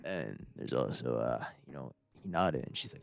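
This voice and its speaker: A man's voice: very deep voice, expressive, normal speed, vocal fry, hardly any pauses, soft background music. A man casually narrating a comedic story as a YouTuber, rambling with laughs and crude slang.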